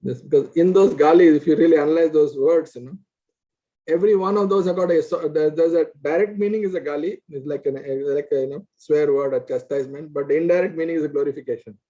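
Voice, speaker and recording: A man's voice: on the high side, quick pace, dull audio. A man telling a devotional story, acting out the characters and laughing often. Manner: animated, acts out quoted characters, laughs often. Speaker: guest speaker. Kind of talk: storytelling religious talk.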